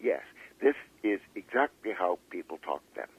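Author guest, male, husky lowish voice, hesitant with lots of ums, heard over a tinny phone line. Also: very animated. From Canada. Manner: halting, many fillers and restarts. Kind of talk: interview conversation.

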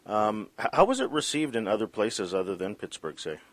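Deep-voiced male interview host. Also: big pitch swings, fairly bright tone, no echo. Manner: halting, repeats words, rambling questions. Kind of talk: casual interview talk. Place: Vancouver.

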